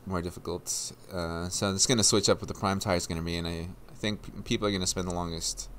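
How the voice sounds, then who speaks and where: A man's voice: deep voice, fairly even intonation, fast talker, fairly bright tone, a little hiss or hum. A man co-hosting a live podcast, joking and laughing while commenting on a race, on a headset mic. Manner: joking, chatty, laughs often. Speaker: podcast co-host. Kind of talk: casual live commentary chat. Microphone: headset with headphones.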